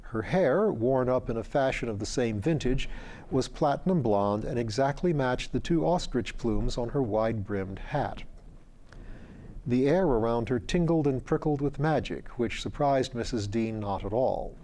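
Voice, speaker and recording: A man reading a fantasy story aloud in a measured, dryly wry narration. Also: mid-range voice, animated, warm tone, slight background noise. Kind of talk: audiobook narration.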